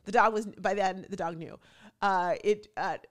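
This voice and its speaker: A woman hosting a show, chatting casually and telling a lively personal story. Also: mid-range voice, moderate pace. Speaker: podcast host. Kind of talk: casual chat.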